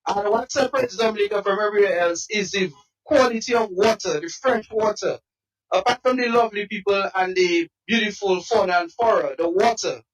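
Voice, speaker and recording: A man speaking as a supporter at a protest, earnest and measured. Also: high voice, a bit bright. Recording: distant mic.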